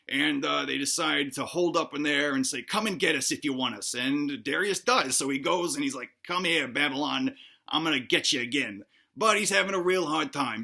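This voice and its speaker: Bright, gravelly man telling history irreverently. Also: a little high. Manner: profane, irreverent, mocking the listener; voices the historical figures in quick asides. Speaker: history storyteller. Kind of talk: casual comedic history retelling.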